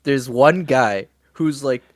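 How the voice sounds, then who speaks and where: A man's voice: medium pitch, takes it slowly, no echo, clean studio sound. A male podcast co-host chatting casually and telling rambling anecdotes with many restarts. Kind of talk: casual watchalong chat.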